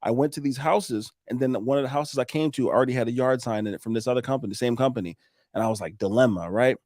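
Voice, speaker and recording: A man, a roofing contractor, telling animated stories on a podcast, acting out the dialogue and swearing now and then. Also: medium pitch, fast, dry recording, clean studio sound. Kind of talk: casual storytelling on a podcast.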